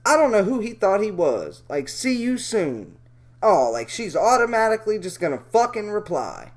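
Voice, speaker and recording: A man rants through chat logs in a profane, rambling commentary. His pitch swings widely and animatedly. He often stops to correct himself. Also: sing-song, fairly quick.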